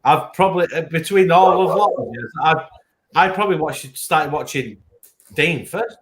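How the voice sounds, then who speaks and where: A man's voice: on the high side, normal speed. A man with a northern English accent, telling stories in a casual live-stream chat and swearing freely. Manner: animated storyteller, swears freely. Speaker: guest beer reviewer.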